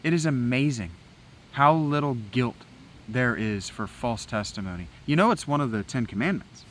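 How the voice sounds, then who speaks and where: A man with a mid-pitched voice talks in an agitated, preachy, foul-mouthed ramble. He is recorded outdoors in the woods, with faint background noise and the odd passing vehicle. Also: expressive, normal speed, poor audio. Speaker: vlogger. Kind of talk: rambling spoken meditation.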